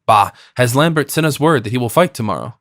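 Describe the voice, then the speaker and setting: A man voicing a shrewd, calm general who questions a captured fisherman in a measured, probing way. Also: mid-range voice, no echo, studio quality, lightly acted.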